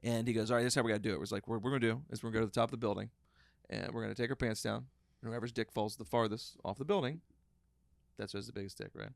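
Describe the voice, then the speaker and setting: A man's voice: fairly low pitch, very fast, vocal fry, no room sound, clean studio sound. A man hosting a casual comedy podcast, swearing easily, repeating himself and laughing often. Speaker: podcast host.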